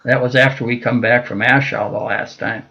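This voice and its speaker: A man's voice: mid-range voice, steady tone, normal speed, gravelly, sharp tone, husky, muffled recording. Older man rambling through old stories. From Minnesota. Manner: rambling with frequent fillers and restarts. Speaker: guest, veteran. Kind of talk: casual storytelling interview.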